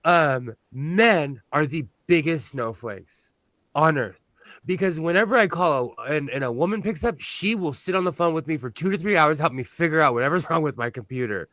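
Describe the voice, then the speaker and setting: Casting note: chatty, blunt man, slightly high voice, dry close recording. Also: lively intonation, moderate pace, fairly bright tone, dry recording. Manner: talkative, blunt, self-deprecating. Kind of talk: casual chat. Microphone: on-camera mic.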